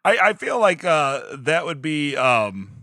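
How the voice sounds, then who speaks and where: A man's voice: on the high side, big pitch swings, slow, sharp tone, no room sound, clean studio sound. A man hosting a casual podcast chat, laughing often as he talks. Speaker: podcast host.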